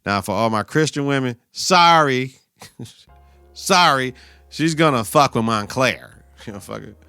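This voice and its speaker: A man's voice: mid-range voice, animated, unhurried, bright, forceful tone, clean tone, no room sound, faint music behind. A man hosting a podcast, recapping a TV episode in casual, profane, slang-heavy talk and talking back at the characters. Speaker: podcast host.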